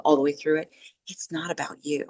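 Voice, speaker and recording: A middle-aged woman speaks in a slightly low voice as a podcast guest. She tells her stories with animation and keeps checking in with her listener in a casual chat. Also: fairly quick. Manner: animated storytelling, checks in with "right?".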